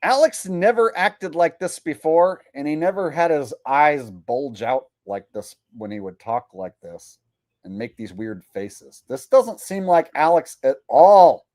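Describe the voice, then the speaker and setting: A man's voice: on the high side, a little mellow, no echo. A man hosting a commentary vlog, talking in a profane, incredulous and mocking way. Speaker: host.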